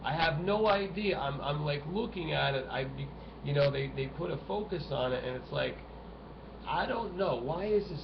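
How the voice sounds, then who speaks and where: Animated and speaking at normal speed with vocal fry, a man vlogs to camera in an agitated, profanity-laced rant full of restarted sentences. The home recording sounds muffled and low-fi, with a faint hiss.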